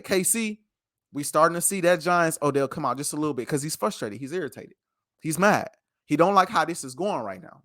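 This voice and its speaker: A man's voice: on the high side, fairly bright tone, dry recording, clean studio sound. A man co-hosting a sports podcast, ranting passionately and repeating himself for emphasis in a heated debate.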